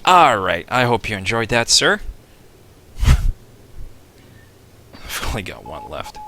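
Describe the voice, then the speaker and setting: A man's voice: mid-range voice, wildly swooping pitch, takes it slowly, pushed and bright. A man live-streaming a flight sim, talking to chat and coaching himself as he plays. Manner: talks to chat, self-coaching, laughs often. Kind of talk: casual live-stream commentary.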